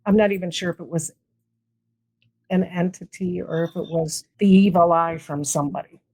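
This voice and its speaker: At a normal speed and fairly low pitch, a woman guest being interviewed, a paranormal investigator, spins casual stories, animatedly voicing the quoted lines. There's no room sound, and the recording quality is low.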